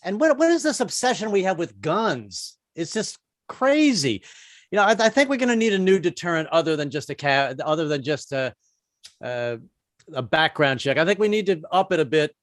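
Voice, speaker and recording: Brief: stand-up man in his 50s, high-pitched, dry close mic, rambling, self-mocking. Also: sing-song, normal speed, no echo. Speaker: stand-up comedian. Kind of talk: stand-up comedy set.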